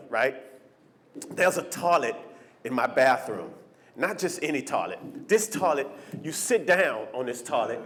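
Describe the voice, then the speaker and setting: A man doing a stand-up comedy set on a club stage, animated and often jumping into shouted character voices. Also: mid-range voice. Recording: live club recording with crowd laughter. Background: audience laughter.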